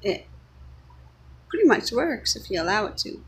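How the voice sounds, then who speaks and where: A woman's voice: mid-range voice, sing-song, normal speed, a little hiss or hum, low-quality recording. A woman giving an earnest, unscripted spiritual monologue, speaking her thoughts as they come to her. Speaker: vlogger sharing spiritual reflections.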